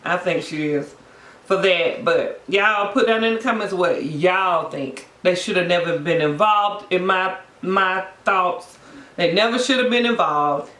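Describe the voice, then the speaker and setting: Sassy woman, bright echoey voice. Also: fairly low pitch, a little slow. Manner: sassy, animated, gossipy storytelling. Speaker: mukbang vlogger. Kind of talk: casual chat to viewers while eating. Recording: echoey room.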